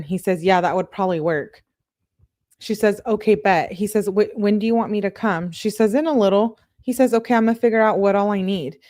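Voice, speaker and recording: Young woman reading out texts n chatting about them, dry close sound, normal pitch. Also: a little mellow, no room sound. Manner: casual, chatty asides while reading. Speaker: true crime commentator. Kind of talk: reading text messages aloud with commentary.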